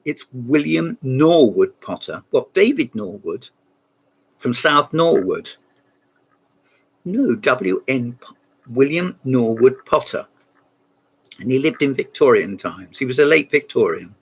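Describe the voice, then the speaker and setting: A man rambles through a comic monologue and keeps interrupting himself with asides. His voice is husky, and its pitch swings up and down. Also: lively intonation, a little slow. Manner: rambling, self-interrupting, mock phone call asides. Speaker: comedy book reviewer.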